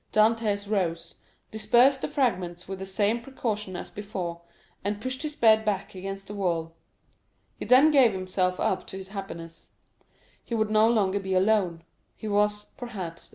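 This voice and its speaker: Dark-toned woman narrating a classic novel. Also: medium pitch. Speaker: audiobook narrator. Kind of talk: scripted narration.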